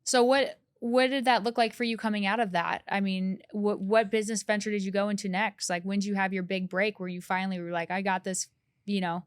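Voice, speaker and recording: A woman's voice: mid-range voice, steady tone, a little fast, clear, resonant tone, no room sound. A young woman hosting an interview, asking reflective questions with an eager, chatty manner. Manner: enthusiastic, reflective questions with filler "like". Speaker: interview host. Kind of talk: conversational interview.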